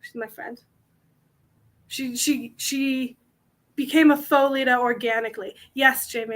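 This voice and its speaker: A woman's voice: high voice, fairly even intonation, measured pace, long pauses. A young woman hosting a convention panel, chatting casually to the audience in a rambling, self-mocking way.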